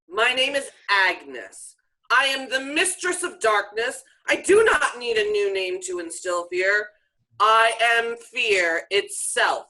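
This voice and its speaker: A woman's voice: on the high side, expressive, slow pace, sharp tone, exaggerated voice, rough recording. An actress playing a young, haughty witch who calls herself the Mistress of Darkness, speaking in a grandiose, commanding way and losing patience easily. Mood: menacing. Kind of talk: stage play acting.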